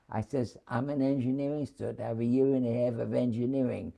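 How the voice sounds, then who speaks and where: An older man tells an old story in a gravelly, mellow voice. He chuckles often and restarts his sentences. The voice sits at an average pitch. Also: brisk. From New York City. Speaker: war veteran interviewee. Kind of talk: oral history storytelling.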